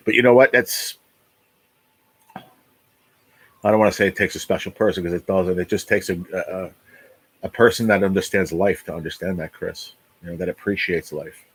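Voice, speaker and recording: A man's voice: low voice, husky, dry recording, rough recording. A man in his late forties, hosting a casual livestream, talking bluntly, swearing a lot and repeating himself. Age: 40s. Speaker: livestream host.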